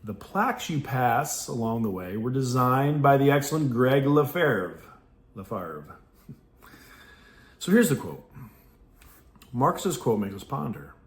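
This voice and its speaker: Blunt, animated podcast host from New York. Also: male voice, mid-range voice, unhurried, pauses often. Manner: blunt, profane, laughs often. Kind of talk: reflective casual monologue with read passages. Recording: roomy echo.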